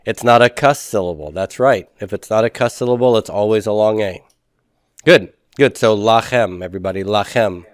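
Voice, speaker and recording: A male teacher walks through a review lesson in a smooth, resonant voice. He poses questions and then answers them himself, step by step. The sound is dry and close, with no room around it. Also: on the low side, normal speed, no echo. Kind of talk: recorded class review lesson.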